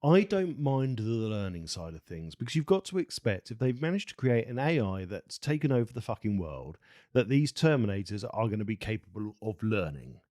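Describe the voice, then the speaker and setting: A man's voice: fairly low pitch, big pitch swings, normal speed, mellow, dry recording, clean studio sound. A man co-hosting a podcast, arguing film points emphatically with swearing and restarts. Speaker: podcast co-host. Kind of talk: casual film discussion.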